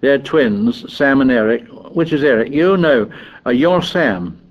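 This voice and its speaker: Shy nervous schoolboy rambling on, a man doing him, slightly higher voice, lo-fi muffled. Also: expressive, a little slow. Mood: timid. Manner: timid, chattering. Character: timid bespectacled boy, anxious and fussy.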